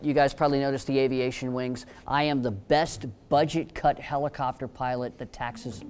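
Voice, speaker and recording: A man's voice: mid-range voice, darkish tone, a little hiss or hum. Joking man telling stories on a panel. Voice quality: joking, storytelling. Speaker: panelist, attorney. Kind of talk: humorous panel talk.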